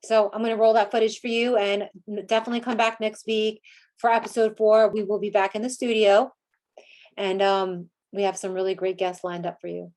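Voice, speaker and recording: A woman's voice: medium pitch, flat delivery, brisk, a little mellow. A woman hosting a podcast in casual, chatty talk full of "like" fillers. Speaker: podcast host.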